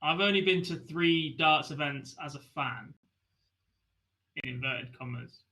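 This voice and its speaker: A man with a very bright, sharp-edged voice, co-hosting a darts stream. He teases his co-hosts with dry jokes. His banter stays loose and casual. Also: a little high, a little slow, low-quality recording. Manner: teasing, joking banter. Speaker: co-host of a live online darts stream. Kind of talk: casual live stream chat.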